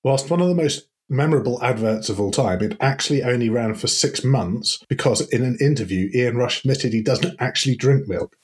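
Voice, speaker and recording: A man's voice: a little fast, few pauses, slightly rough. A man in his forties, co-hosting a chatty podcast and telling stories with frequent laughs. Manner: chatty storyteller, laughs often, squeaky high voice when quoting the advert. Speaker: podcast co-host. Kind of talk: casual chat.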